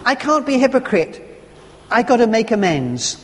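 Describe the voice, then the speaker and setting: Man reading as a desperate, tearful guilt-ridden patient, high and pleading, church echo. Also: very animated, moderate pace, slight background noise. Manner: earnest, pleading, raised voice. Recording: long church reverb.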